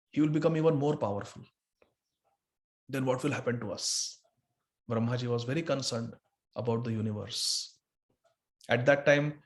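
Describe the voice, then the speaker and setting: A man teaching a scripture class, telling the story in an animated, dramatic way. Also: mid-range voice. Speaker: preacher.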